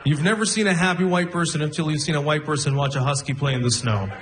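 A young man doing a stand-up comedy set, telling stories deadpan, laughing at his own lines and acting out other people. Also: fairly high pitch, fast talker, noisy background. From immigrant to Canada. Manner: deadpan storytelling, breaks into laughter, acts out voices. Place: comedy club stage with audience.

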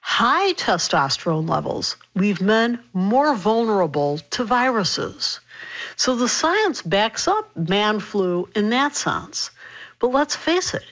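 A woman physician explaining health topics in a radio interview, brisk and clear. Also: medium pitch, fairly bright tone, dull audio.

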